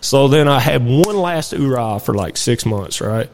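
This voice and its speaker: A man's voice: mid-range voice, animated, measured pace, a little mellow, a little hiss or hum. A young man, a podcast guest telling his life story in a candid, rambling way and swearing freely. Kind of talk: casual storytelling interview.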